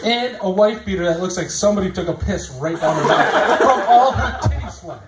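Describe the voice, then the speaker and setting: A man's voice: high voice, expressive, a little fast. A man performing a stand-up comedy set in a small club, telling crude, profane stories and acting out quotes. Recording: echoey club with audience noise.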